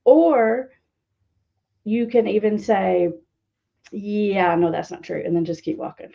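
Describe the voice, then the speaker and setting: A woman's voice: mid-range voice, slow, gravelly, mellow, highs cut off. A woman recovery coach answering interview questions in a teasing, sarcastic way, often laughing. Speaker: guest speaker, addiction recovery coach.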